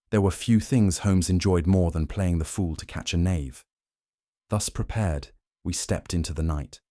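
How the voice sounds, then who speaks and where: Storybook narrator, man, formal and measured, deep mellow tone. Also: no room sound, clean studio sound.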